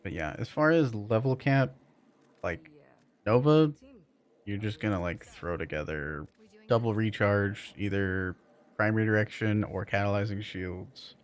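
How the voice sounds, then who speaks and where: Chatting loosely with his audience as he plays a game on stream, a man with a lowish voice speaks at a measured pace and rambles with many fillers in casual live-stream conversation.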